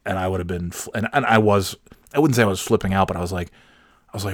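A man's voice: sits low, very fast, no room sound, studio quality. A man telling stories in a casual, profane rant about school and parenting. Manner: profane, animated storytelling. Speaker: podcast host, parent. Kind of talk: casual ranting monologue.

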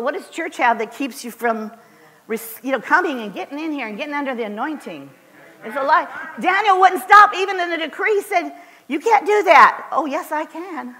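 In a church sanctuary, a woman preaches a fervent, emphatic sermon, driving her points home with short, repeated declarations. Her high-pitched voice sounds pushed and bright, carrying through the large hall.

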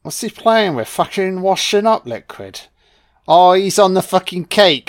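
A man's voice: high-pitched, measured pace, smooth. A man giving a sarcastic, foul-mouthed comedic commentary on a film. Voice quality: sweary, sarcastic, deadpan. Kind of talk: profane comedic movie commentary.

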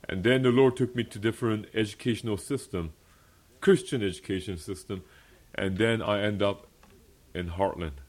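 With a lowish voice at an ordinary pace, a young man preaches his personal testimony to a fellowship meeting. He is earnest and emphatic as a pastor, often laughing and returning to key phrases.

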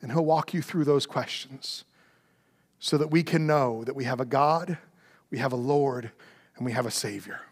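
A man preaching a sermon as pastor, earnest, swinging from loud emphasis to hushed softness and repeating his phrases. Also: medium pitch, moderate pace, slightly rough. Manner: earnest preaching, rises loud then drops very soft; repeats phrases, small restarts.

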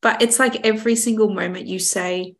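A woman's voice: mid-range voice, fairly even intonation, a little fast, low-quality recording. A woman hosting a faith podcast, affirming and reflective in casual conversation. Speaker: podcast host.

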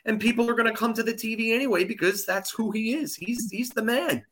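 Male co-host, bright tone, emphatic, casual sports chat. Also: very high voice, brisk. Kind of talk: casual sports talk show.

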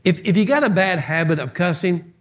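High-voiced preacher, lively and joking. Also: male voice, a little fast. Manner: animated, joking, fires off rhetorical questions. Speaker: pastor. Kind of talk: sermon. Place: church sanctuary, live service.

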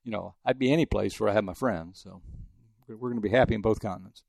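Older man from Texas, ex-sportswriter; quick, gravelly, rambling storyteller, dry sound. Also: lowish voice, darkish tone, dry recording. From El Paso, Texas. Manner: fast, rambling anecdotes with many restarts. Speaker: retired sports journalist. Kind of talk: interview storytelling.

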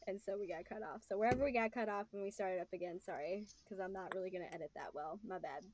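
A woman hosting a casual book-club podcast, brisk and animated. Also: mid-range voice, a crowd in the background. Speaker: podcast host. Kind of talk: casual chat.

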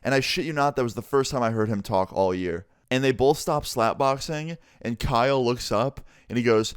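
A man's voice: expressive, a little fast, hardly any pauses, smooth, no echo, clean studio sound. A young man casually telling a story from his school days, laid-back and swearing freely. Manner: laid-back, swearing, low-key delivery.

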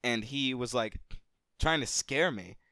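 A man co-hosting a podcast, telling a childhood story in a casual, animated way and swearing freely. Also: measured pace, no room sound, studio quality. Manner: animated, gets louder and higher at the story's climax. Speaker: podcast co-host.

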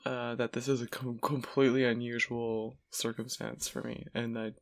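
A man's voice: medium pitch, flat delivery, moderate pace. A tired man, awake for twenty hours, co-hosting a podcast in casual chat. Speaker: podcast co-host.

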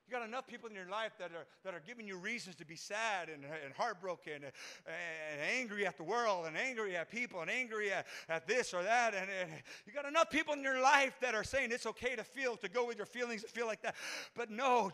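A man preaching a fervent sermon as pastor, swinging from hushed passages to shouted ones and breaking into tongues. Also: sits high. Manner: speaks in tongues between phrases.

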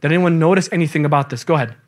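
High-voiced man teaching an animated class. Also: very fast. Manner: lively, quizzes the class, casual slang. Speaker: religious teacher. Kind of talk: interactive classroom lecture. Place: classroom with students and slides.

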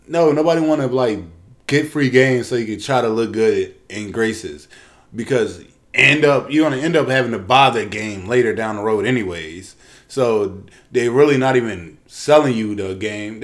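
A man talking in a loose, profane rant full of slang and fillers. His voice sits at an ordinary middle pitch, neither deep nor high, and he keeps circling back to his complaint. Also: normal speed. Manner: profane, animated ranting with slangy asides. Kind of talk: casual ranting chat.

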